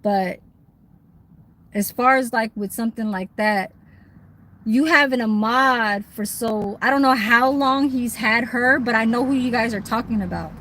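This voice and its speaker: A woman's voice: on the high side, measured pace, a bit bright, slight background noise, poor audio. A woman chatting on a livestream in a rambling, swearing way, with many fillers and restarts. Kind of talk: casual livestream chat.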